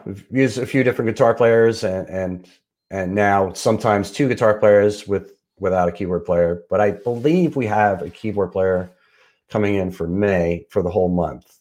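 Easygoing low-voiced man, halting speech. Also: a little mellow. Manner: hesitant, many fillers and restarts, easygoing. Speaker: podcast co-host. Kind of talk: casual chat.

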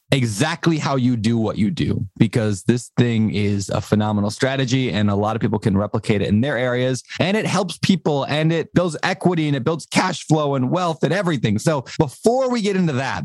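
A man hosts a podcast in a loose, jokey way, rambling and poking fun at himself. His voice sits at a middling pitch. The sound is close and dry. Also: animated, moderate pace, dry recording. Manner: jokey, rambling, self-deprecating. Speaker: podcast host. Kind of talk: casual podcast chat.

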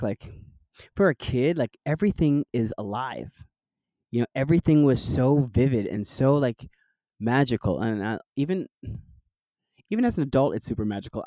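Animated storytelling man from New Jersey. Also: medium pitch, dry recording, rough recording. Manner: animated storyteller, laughs often, fillers like "like". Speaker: guest. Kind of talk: casual interview chat.

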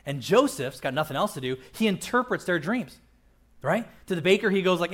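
A man's voice: sits high, animated, fairly quick, fairly bright tone. A man preaching a conversational sermon as pastor, joking and often checking in with the crowd by asking "right?". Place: church auditorium.

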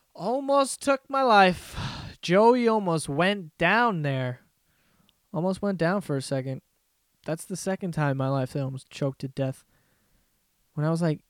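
A man's voice: mid-range voice, a little mellow, dry recording, clean studio sound. A young man rambling through profane, laugh-filled stories as the host of a casual comedy podcast.

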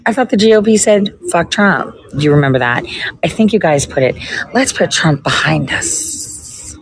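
A woman's voice: on the low side, lively intonation, normal speed, low-quality recording. A woman, a political podcaster, in a casual ranting monologue full of sarcasm, profanity and mocking asides.

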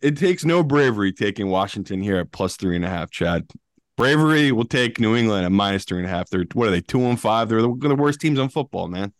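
A man's voice: on the low side, lively intonation, brisk, dry recording, clean studio sound. A man co-hosting a sports betting podcast, talking in a loose, teasing way and swearing casually.

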